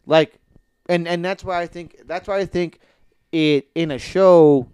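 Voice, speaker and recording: A man's voice: a little high, steady tone, a little slow, a little mellow, clear, resonant tone, no room sound, studio quality. A man in casual podcast chat about TV shows, rambling with many fillers and restarts and swearing casually.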